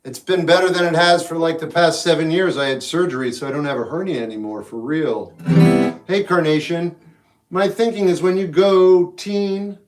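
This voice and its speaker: A man's voice: fairly high pitch, moderate pace. A young man streaming live, chatting casually and jokingly with his viewers as he rambles from thought to thought. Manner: rambling, jokey, talks back to chat. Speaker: livestreamer. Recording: roomy echo, faint guitar music behind.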